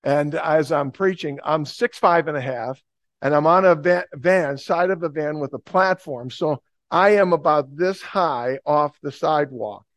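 A man, preaching a lively, humorous sermon with an emphatic delivery. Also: a little high, a little slow, no room sound. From New Jersey, USA. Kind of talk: sermon with storytelling.

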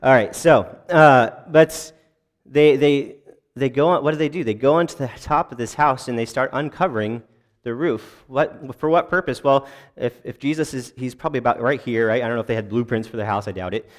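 A man preaching a sermon to a congregation in a conversational, halting way, with many restarts, asides and small jokes at his own expense. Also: mid-range voice. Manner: self-deprecating jokes to the congregation. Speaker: pastor.

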